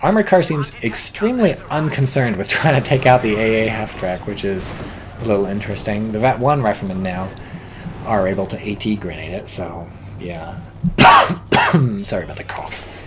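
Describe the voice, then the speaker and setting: A man's voice: lowish voice, brisk, background noise. A man giving casual live-stream commentary on a strategy game, wry and offhand, swearing now and then.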